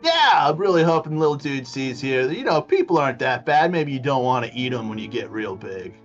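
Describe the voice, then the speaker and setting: A man's voice: mid-range voice, big pitch swings, fairly quick, faint music behind, close to an everyday voice. Tiny friendly ranger, laid-back and sheepish, voiced by a man, slightly dull audio. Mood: sheepish, chatty.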